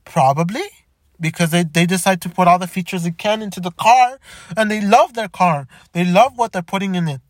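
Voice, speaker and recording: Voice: mid-range voice, a little fast, no room sound, clean studio sound. A car vlogger ranting in exasperation, often stumbling, restarting sentences and repeating "come on.". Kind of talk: opinion rant to camera.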